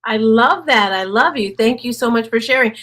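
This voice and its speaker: Woman host, quick energetic delivery, fairly high voice, video call. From the North. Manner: fast-talking, energetic. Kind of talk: motivational group talk.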